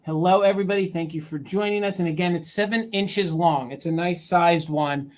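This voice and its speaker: A woman's voice: fairly low pitch, a little fast, a little mellow. A woman co-hosting a live-stream sale, steadily counting down bids and thanking buyers.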